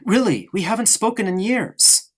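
A young lieutenant answers in quick, anxious bursts, voice lifted noticeably higher, as a man reading the scene puts him on. He sounds eager to explain himself, keeping his replies short and apologetic in an audiobook reading. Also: animated, husky. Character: young male lieutenant, nervous and defensive.

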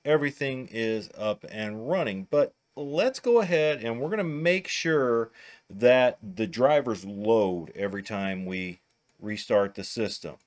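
A man's voice: mid-range voice, lively intonation, a little slow. A man with a Midwestern American accent, casually talking through each step of a computer tutorial as he works. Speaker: tech tutorial host. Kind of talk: narrated screen-recording tutorial.

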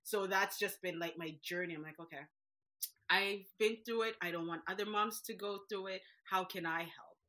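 Here a woman in her thirties from Jamaica, who runs a business, chats as an interview guest in a relaxed setting. She speaks at a moderate pace in a mid-range voice, upbeat and laughing often.

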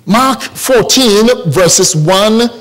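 Animated, high-pitched preacher with an African accent. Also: male voice, extremely slow. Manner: animated, questions the congregation, repeats phrases for emphasis. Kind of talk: sermon. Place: church service.

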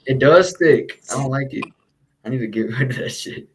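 A man's voice: mid-range voice, moderate pace, noisy background. A man hosting a casual chat with a light Texan accent, talking in a laid-back, slangy way and swearing freely. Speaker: podcast host.

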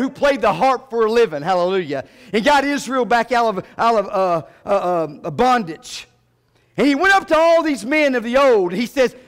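A man preaching a sermon, dropping to low murmurs and rising to loud, high calls. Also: animated, normal speed. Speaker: pastor. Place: church sanctuary. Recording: long church reverb.

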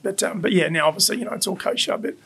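A fast-talking Australian man with a high, gravelly voice. He tells stories in a casual interview, swears freely and acts out the people he quotes. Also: a bit bright. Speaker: burger restaurant owner, guest. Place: his burger restaurant.

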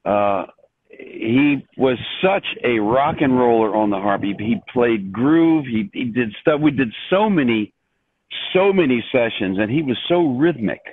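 An older man, a composer, telling stories in an interview with many restarts and an animated, rambling manner over a remote call. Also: medium pitch, unhurried, slightly rough. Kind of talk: storytelling in an interview. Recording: dry tinny phone-like line.

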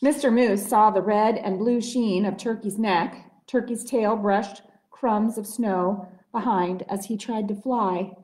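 A woman librarian reading a picture book aloud at a library story time, with gentle, expressive storytelling. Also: mid-range voice, takes it slowly, hardly any pauses. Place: public library room. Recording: roomy echoey room.

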